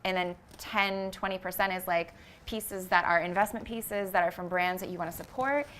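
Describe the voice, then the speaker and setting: A woman who founded a vegan fashion brand, talking as an interview guest in an earnest, reflective way and often pausing on fillers as she searches for words. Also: on the low side, a bit bright. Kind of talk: casual reflective interview talk.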